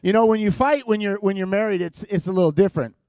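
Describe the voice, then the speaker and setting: A man's voice: high voice, fast, a little mellow, no echo. A man preaching as a guest in church, opening with playful, teasing, self-mocking humor to a live congregation.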